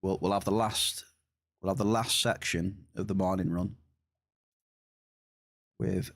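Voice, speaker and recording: A man's voice: low voice, steady tone, a little slow, a bit bright. A man streaming a game, chatting casually and talking straight to his chat. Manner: chatty, addresses chat directly. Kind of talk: casual live-stream chat while gaming.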